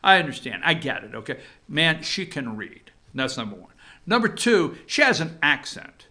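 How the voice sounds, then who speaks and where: A man's voice: on the high side, big pitch swings, moderate pace, pushed and bright. A man hosting a casual opinion show from an office, talking straight to his viewers and checking in with frequent asides. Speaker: host.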